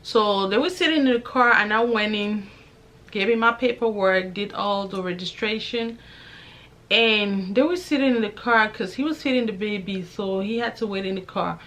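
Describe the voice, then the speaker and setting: A young woman vlogger telling a personal faith testimony in a lively, conversational way, acting out both sides of the conversations she recounts. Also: mid-range voice, moderate pace. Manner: religious, praises God while telling. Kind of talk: personal storytelling.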